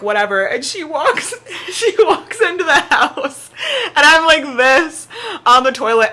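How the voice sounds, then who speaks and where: A young woman vlogging at home, telling a story in a chatty, animated way, saying "like" often, with her cat on her lap. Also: fairly high pitch. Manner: chatty, peppered with "like", animated retelling. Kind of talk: casual storytelling to camera.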